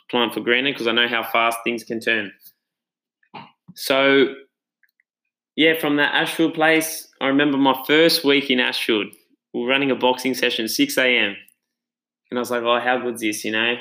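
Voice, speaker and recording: Bright-voiced Australian man telling his story. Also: medium pitch, rough recording. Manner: earnest, chatty, reflective. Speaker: gym owner and trainer. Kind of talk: casual personal storytelling.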